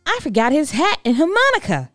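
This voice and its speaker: A woman voicing a confident, cheerful young boy with a bright, upbeat manner in a children's storybook. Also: sits high, wildly swooping pitch, brisk, no room sound, clean studio sound, soft background music, pitched above the performer's own voice, exaggerated voice. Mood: proud.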